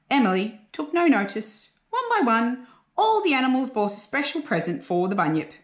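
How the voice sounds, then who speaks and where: A woman teacher reading a picture book aloud to young children, slow and expressive with a sing-song lilt. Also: a little high. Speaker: primary school teacher. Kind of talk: children's storybook read-aloud. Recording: roomy echo.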